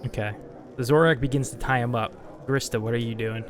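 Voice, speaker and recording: Relaxed man running a tabletop game. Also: medium pitch, brisk. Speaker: dungeon master.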